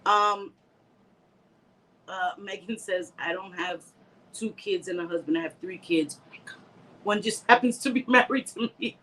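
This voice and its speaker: On a close phone mic at home, a middle-aged woman runs a relaxed livestream, often laughing as she reads viewer comments aloud and mixes in Spanish words. Her mid-range voice is fairly bright and unhurried, with frequent pauses. There's some hiss or hum in the low-quality recording.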